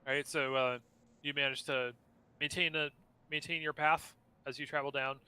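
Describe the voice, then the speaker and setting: A bright, clear-toned man narrates a tabletop game as its dungeon master. He talks in a halting way, full of fillers and restarts. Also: fairly high pitch, fairly even intonation. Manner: halting, lots of uh and restarts, laughs often.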